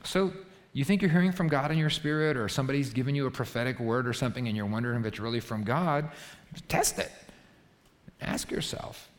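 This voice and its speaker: A man's voice: mid-range voice, fairly quick, in a large hall. A man preaching a sermon as pastor, emphatic and often checking in with "right?". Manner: emphatic, punctuates points with rhetorical "right?". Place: church auditorium.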